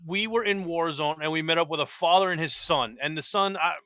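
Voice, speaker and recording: A man's voice: a little high, fairly quick, sharp tone, no room sound. A man hosting a casual podcast panel, telling stories animatedly and full of quoted dialogue. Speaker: podcast panel host and streamer.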